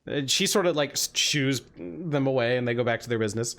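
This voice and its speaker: A woman narrating as dungeon master, with an animated manner. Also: extremely low pitch, fairly quick, hardly any pauses. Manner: animated, laughs easily. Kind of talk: narrating a tabletop game.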